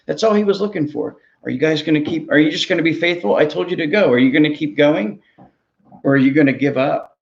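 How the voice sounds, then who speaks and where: A man's voice: a little high, fast talker, gravelly, lo-fi sound. A man, a ministry pastor, preaching a sermon in an earnest, conversational way, often repeating words as he goes.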